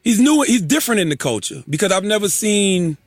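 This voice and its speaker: Man, podcast co-host, casual banter, swears, laughs a lot, slightly high voice, dry close mic. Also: big pitch swings, brisk, no echo. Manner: laughing, swears freely, many "yeah"s.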